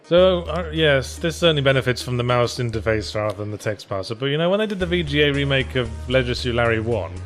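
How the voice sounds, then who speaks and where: A man's voice: medium pitch, lively intonation, fast, few pauses, fairly bright tone, faint music behind. Sardonic man joking over gameplay. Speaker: let's play co-host. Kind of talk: casual gameplay commentary.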